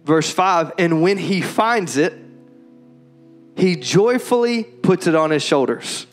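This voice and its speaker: High-voiced pastor preaching over soft music. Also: male voice, takes it slowly. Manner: builds from calm talk to loud, high-pitched preaching. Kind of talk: sermon. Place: church hall.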